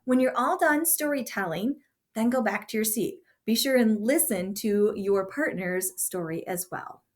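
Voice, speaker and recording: A woman's voice: medium pitch, animated, unhurried. A woman teacher giving a classroom writing lesson and telling a chatty story from her own childhood. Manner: chatty storyteller with warm asides.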